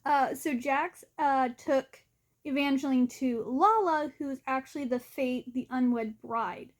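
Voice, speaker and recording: A woman's voice: high-pitched, takes it slowly. A young woman vlogger giving a casual, rambling spoken recap of a book, often saying "like". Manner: chatty and rambling, often says "like".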